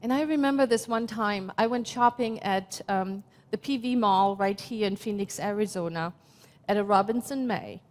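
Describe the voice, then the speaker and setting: A woman in her fifties from Germany, speaking with a German accent as she gives a slow, reflective, heartfelt sermon as minister. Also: mid-range voice, a little mellow. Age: 50s. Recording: long hall reverb.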